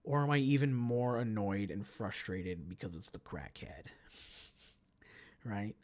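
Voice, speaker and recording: A man's voice: on the low side, measured pace, darkish tone. A man hosting his solo podcast, telling a story in a casual, profane, self-mocking rant. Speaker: podcast host.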